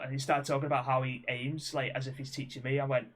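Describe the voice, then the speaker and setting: A man's voice: medium pitch, steady tone, fast, few pauses. A young man co-hosting a podcast, swearing freely and acting out quotes in his stories. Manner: swearing storyteller, acts out quotes with laughs. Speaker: podcast co-host. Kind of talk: casual chat.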